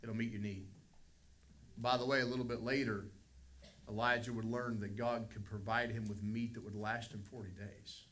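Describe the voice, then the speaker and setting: A man's voice: medium pitch, fairly even intonation, moderate pace, fairly bright tone. A middle-aged man, a pastor, preaching a Sunday school lesson with emphatic swells of volume on key phrases.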